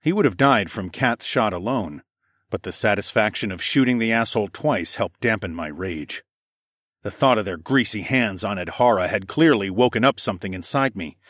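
A man giving steady, matter-of-fact first-person audiobook narration. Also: on the low side, normal speed, dry recording, studio quality.

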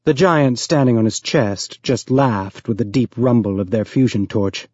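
Male audiobook narrator, dry dull recording, mid pitch. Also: normal speed, darkish tone, husky, dry recording. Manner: voices characters with raised pitch.

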